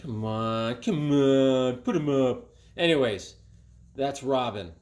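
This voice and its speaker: A middle-aged man chatting casually and excitedly at home as he shows off his flea market comic finds. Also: medium pitch, slow pace. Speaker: comic collector vlogger. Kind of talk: casual show-and-tell vlog.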